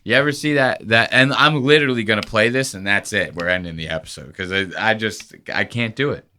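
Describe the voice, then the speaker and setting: A man's voice: lowish voice, brisk, pushed and bright, slight background noise. A man hosting a podcast, chatting casually in a crude, joking, rambling way. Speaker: podcast host. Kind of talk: casual chat.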